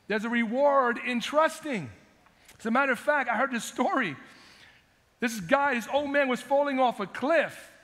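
A male pastor with a very high-pitched, slightly bright voice preaches a sermon at normal speed in a church sanctuary. He is emphatic, repeats phrases and calls out "amen," all under a long hall reverb.

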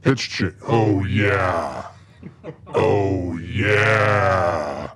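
A man putting on a booming, over-the-top announcer voice to introduce a live show, shouting dramatically and drawing out every word. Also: very slow, crowd noise, exaggerated voice.

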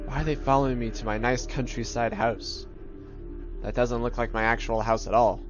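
Playing a horror game for his gaming channel, a young man commentates in a mid-range voice with fairly even intonation and a moderate pace. He's nervous and jumpy, pokes fun at himself, whispers, then yelps. Faint game music plays under a dull, lo-fi capture.

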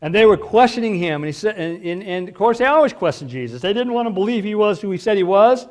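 A man's voice: high-pitched, lively intonation, fast, darkish tone. A male pastor preaching a sermon in a conversational, emphatic way, throwing out rhetorical questions.

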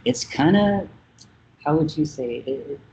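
Man from Vietnam in his thirties, warm mellow tone, reflective and halting, heard over a dull lo-fi call line. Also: a little high, lively intonation, a little hiss or hum. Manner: thoughtful, hesitant with many fillers. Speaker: musician guest. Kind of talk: casual interview talk.

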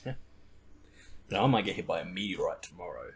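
A man's voice: sits low, expressive, fairly quick, gravelly, a little hiss or hum. A young man hosting a podcast in casual chat, rambling and laughing at his own stories. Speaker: podcast host.

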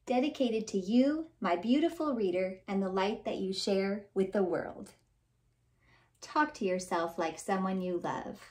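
A woman, a children's author and librarian, reading a storybook aloud in a warm, expressive storytelling voice. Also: medium pitch, measured pace.

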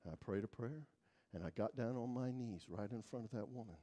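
A man preaching as a guest speaker in church, telling stories dramatically, swinging from loud to hushed. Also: medium pitch, a little fast. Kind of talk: sermon storytelling.

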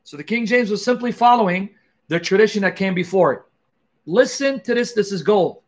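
This host's high voice is animated and fairly quick as he reacts to a played video on his Christian apologetics livestream. He's emphatic, repeats key words, and addresses viewers head-on.

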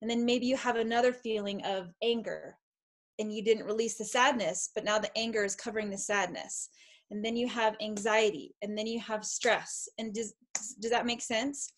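A woman's voice: a little high, steady tone, normal speed. A woman from the United States in her thirties, a mom and teacher, speaking in an enthusiastic, heartfelt way as an interview guest. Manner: enthusiastic, warm-hearted, speaks directly to kids. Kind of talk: casual interview chat.

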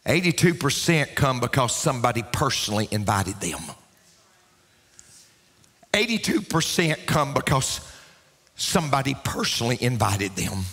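A man preaching a sermon as pastor, emphatic and rising to shouts, repeating key lines for emphasis. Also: mid-range voice, big pitch swings, normal speed, long pauses, slightly rough. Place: church sanctuary. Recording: long reverb of a church hall.

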